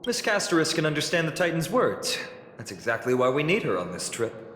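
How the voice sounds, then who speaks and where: A man's voice: a little high, sing-song, fairly quick, slight background noise. An actor voicing a determined young male hero in a video game, who talks in a resolute, upbeat way as he leads his companions on. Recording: reverberant game audio with loud music.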